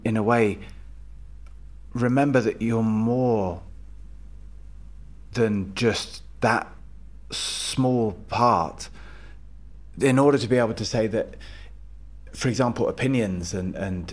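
A man hosts a podcast with a fairly low voice. He reflects aloud and searches for his words, circling back to refine each point. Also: slow, pauses often. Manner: thoughtful, searching phrasing. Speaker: podcast host. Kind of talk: reflective conversational musing.

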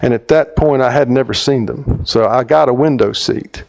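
A middle-aged man, a theologian, telling a story in a talk, halting and restarting, his voice climbing sharply when he acts out his own lines. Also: creaky. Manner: animated storyteller, voice climbs high when quoting himself; halting phrasing, restarts mid-sentence. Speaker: theologian speaker.

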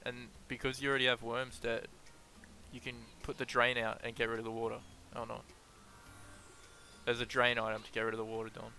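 A man chats over a game with his friends, cursing freely and telling them where to go. His voice is gravelly with a bright, tense edge. Faint noise hums behind him. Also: medium pitch, monotone, a little fast, pauses often. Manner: swearing, bossing teammates with game tips. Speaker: gamer. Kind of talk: casual gaming banter.

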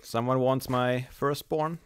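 A young man chatting and teasing friends during an online game, jumping to squeaky shouts when excited. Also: takes it slowly, smooth. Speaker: gamer. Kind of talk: casual multiplayer game chat.

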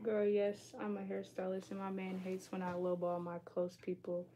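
Young woman in the chair, teasing and chatty, plain mid-pitched voice. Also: monotone, moderate pace, dark tone, a little hiss or hum. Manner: teasing, talkative, reads viewer comments. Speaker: hairstylist and client. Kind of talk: casual chat.

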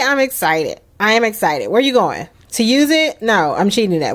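Excitable woman narrating her game. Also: mid-range voice, moderate pace. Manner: excitable, chatty, emphatic. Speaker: let's play host. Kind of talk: casual gameplay commentary.

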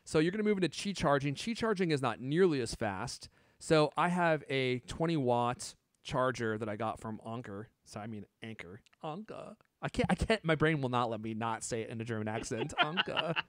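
A man's voice: mid-range voice, lively intonation, a little fast, few pauses, no room sound, clean studio sound. A man in his thirties co-hosting a casual tech chat, joking and laughing often. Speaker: podcast co-host.

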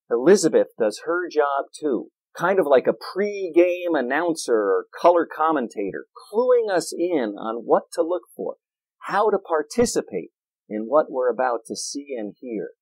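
A man preaching a sermon in a church, animated and playful, with jokes and asides. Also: fairly high pitch, a little slow, no room sound, poor audio. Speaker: pastor.

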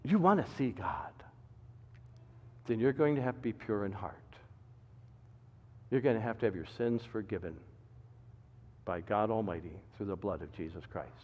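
A man preaching a sermon, swinging between loud emphatic climbs and quiet low drops, firing repeated rhetorical questions at the congregation. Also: normal speed, pauses often. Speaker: pastor. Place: church sanctuary. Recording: reverberant hall, dull lo-fi sound.

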